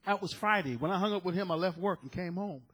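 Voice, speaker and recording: Husky high-voiced man preaching. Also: fast, rough recording. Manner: animated storytelling, acting out quotes, laughing. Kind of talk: sermon with personal story.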